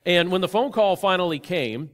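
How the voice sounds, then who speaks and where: A man with a somewhat high voice delivers a sermon, beginning with a prayer. He preaches in an earnest, conversational way and often asks his listeners questions. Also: lively intonation, normal speed, a bit bright. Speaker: pastor.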